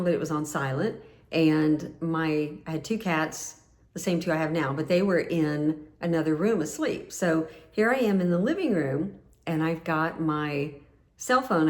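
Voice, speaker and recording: Low-voiced tearful woman telling a story. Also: a little mellow. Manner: rambling, with many restarts and fillers. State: close to tears. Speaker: personal storyteller. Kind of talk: casual personal story.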